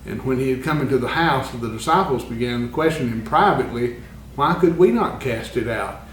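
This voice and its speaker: A man's voice: medium pitch, expressive, brisk, fairly bright tone, slight background noise. Earnest man teaching a Bible lesson. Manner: earnest, with frequent uh fillers. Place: church classroom. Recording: echoey room, far from the mic.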